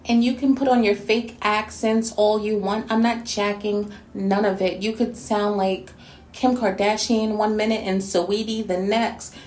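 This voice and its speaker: A woman's voice: mid-range voice, steady tone, measured pace, darkish tone, roomy sound, a little hiss or hum. A woman from New York City delivering a scolding, sassy rant in a response video. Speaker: YouTube commentator.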